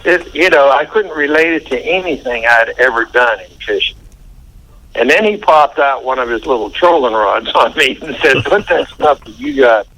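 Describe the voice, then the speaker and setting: A man's voice: medium pitch, animated, moderate pace, bright, forceful tone, low-quality recording. An older man telling a story in an interview, chatty and folksy, chuckling as he recounts. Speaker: interview guest.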